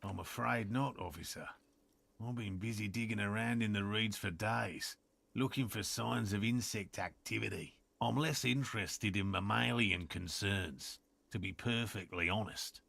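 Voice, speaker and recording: A man's voice: lowish voice, a little slow, creaky, fairly bright tone, no room sound, exaggerated voice. A man voicing an aloof male cryptozoologist in a game, speaking in a detached, prim way. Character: aloof male cryptozoologist, bug-obsessed loner.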